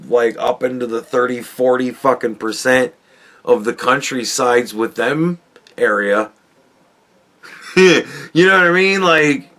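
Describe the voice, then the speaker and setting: Slow-talking man ranting on a podcast. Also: medium pitch, a bit bright. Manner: rambling, swearing, chuckling often. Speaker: podcast host. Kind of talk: casual profane rant.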